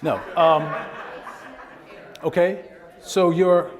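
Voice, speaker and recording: A man leads a workshop in a fairly high voice that swings up and down in pitch as he talks. He lectures in a loose, conversational way and laughs often. The sound carries a long hall reverb. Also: sing-song, measured pace. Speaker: workshop presenter. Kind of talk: lecture with storytelling. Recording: echoey hall.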